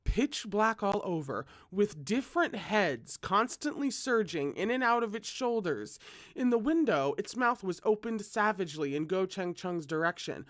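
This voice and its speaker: A read-aloud reader performs a novel with expressiveness, pausing for conversational asides. The voice is mid-pitched, close-miked and dry, with no echo.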